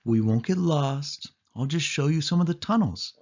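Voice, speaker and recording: In a storybook reading with dull lo-fi audio, a man voices a bossy, teasing young girl cousin. He pitches slightly high, above his own natural voice, speaking expressively at a moderate pace in a pushy, sing-song way.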